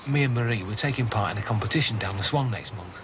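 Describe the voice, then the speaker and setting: An actor playing a blunt, teasing husband in a soap opera. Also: male voice, lowish voice, quick pace, noisy background, close to an everyday voice.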